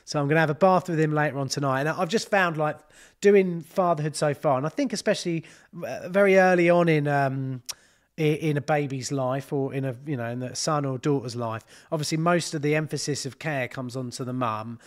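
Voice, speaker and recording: A man's voice: on the high side, fairly quick. A man, a plumber chatting casually on a live stream, rambling and swearing freely. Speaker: plumber and channel host.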